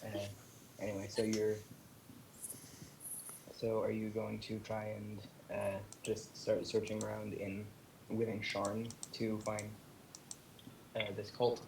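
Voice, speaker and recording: A young man running a tabletop game speaks in a lowish voice, hesitant and full of fillers. Faint hiss and clicking sit behind him. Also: completely flat delivery, takes it slowly, vocal fry, long pauses. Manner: hesitant, many ums and uhs. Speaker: dungeon master.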